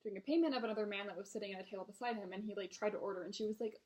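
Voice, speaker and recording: A woman's voice: mid-range voice, rapid-fire, hardly any pauses, darkish tone, dull audio. Blunt young woman venting. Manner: blunt, frequent swearing, exasperated. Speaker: restaurant server vlogger. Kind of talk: casual venting storytime.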